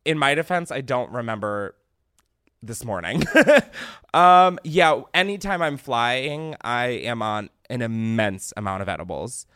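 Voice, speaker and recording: A man's voice: medium pitch, animated, unhurried, bright, forceful tone, clear, resonant tone, no room sound. Rambling, self-mocking young man, dry mic. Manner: rambling, self-deprecating, swearing. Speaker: podcast host. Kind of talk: casual comedic monologue.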